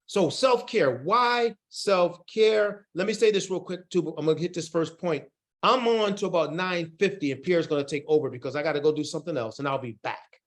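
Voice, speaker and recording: A man presenting an online workforce training session, animated, folksy and encouraging. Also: a little high, brisk. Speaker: workshop facilitator.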